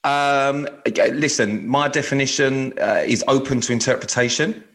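A man's voice: mid-range voice, moderate pace, a bit bright. A man co-hosting a podcast in casual banter, cheeky and self-mocking, swearing and laughing often. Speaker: podcast co-host.

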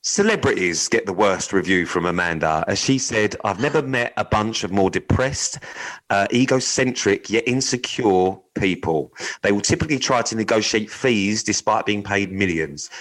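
Male podcast co-host, lower voice, cheeky and sweary, reads odd news to his co-host. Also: moderate pace, a bit bright, low-quality recording. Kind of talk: casual podcast chat.

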